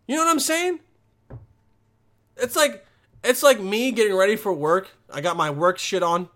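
A man's voice: high-pitched, normal speed, long pauses. Profane young man ranting in a vlog. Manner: profane, rambling, animated ranting. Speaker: vlogger. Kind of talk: casual vlog rant.

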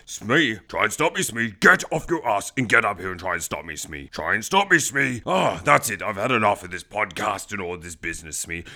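A whiny, theatrical pirate captain, put on by a man, pleading with great melodrama. The voice sits lower than the performer's own. Its pitch swings widely, and it sounds bright and edgy. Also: exaggerated voice.

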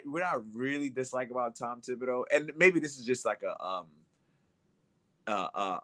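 A man co-hosting a casual sports chat, speaking in a dry, sarcastic, deliberate way. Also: medium pitch, fairly bright tone, no room sound. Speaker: podcast co-host.

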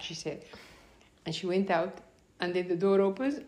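Woman, interviewee, personal storytelling, middle-pitched voice, plays out the dialogue, laughs a lot. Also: moderate pace. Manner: animated, acts out quoted dialogue; laughs often while telling.

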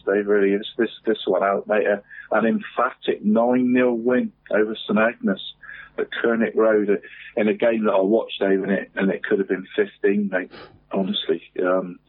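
Husky man rambling through football results. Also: lowish voice, no echo. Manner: says "mate" constantly, chatty and rambling. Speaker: local football results presenter. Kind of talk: casual radio football chat. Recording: phone-like radio line.

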